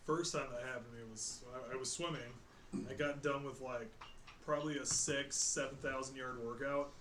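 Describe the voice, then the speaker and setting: A man's voice: mid-range voice, moderate pace. A man co-hosting a podcast, telling swear-filled stories in casual chat. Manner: profane, energetic storyteller. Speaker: podcast co-host. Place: shared studio. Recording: roomy studio with faint noise.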